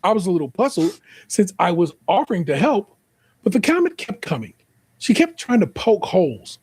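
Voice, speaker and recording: A man's voice: high-pitched, big pitch swings, moderate pace, breathy edge. A man with an American accent reading an online post aloud, then joking through profane commentary and spelling out the typos. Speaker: podcast host.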